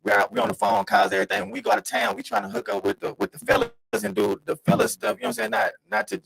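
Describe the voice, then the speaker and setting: High, gravelly, fast-talking man. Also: animated, a bit bright, a little hiss or hum, low-quality recording. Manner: loose, rambling, repeats words, says "you know what I mean". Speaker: podcast co-host. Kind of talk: casual group chat.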